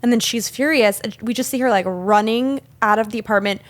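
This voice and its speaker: A woman's voice: on the high side, fairly quick. A woman co-hosting a podcast, casually discussing a film and recounting scenes, recorded on a microphone in a small room. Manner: animated, recounting scenes with quoted lines. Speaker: podcast co-host. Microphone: studio microphone.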